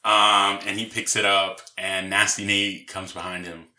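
A very low-voiced man with a bright, cutting tone talks through a movie in easygoing chat. He agrees a lot and laughs easily, relaxed and loose. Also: a little slow. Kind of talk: casual chat recapping a film.

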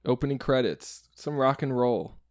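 A man at a mid pitch hosting a relaxed film podcast, talking loosely and often restarting his sentences. His voice is close and dry, with no room sound around it. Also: moderate pace, no echo. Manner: rambling, self-correcting, chuckling. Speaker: podcast host. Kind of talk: casual podcast chat about a film.

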